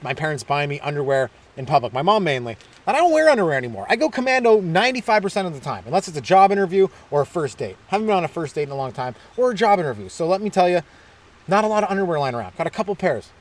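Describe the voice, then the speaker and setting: A man hosting a comedy podcast, rambling through a self-deprecating, hyperactive stand-up monologue. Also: fairly high pitch. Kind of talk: stand-up style comic monologue.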